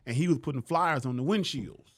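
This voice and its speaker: A man's voice: a little high, a little fast, no echo, studio quality. A man from Louisiana, a comedian guest telling stories in casual slang and acting out the people in them. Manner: animated, slangy, acts out the people he quotes. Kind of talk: casual storytelling on a podcast.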